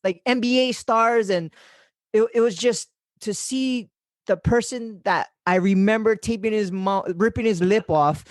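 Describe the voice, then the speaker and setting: A young man hosting a podcast, telling stories in a casual, animated way, swearing and laughing as he quotes people. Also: high voice, a little slow, no echo, studio quality. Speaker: podcast host. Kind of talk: casual storytelling chat.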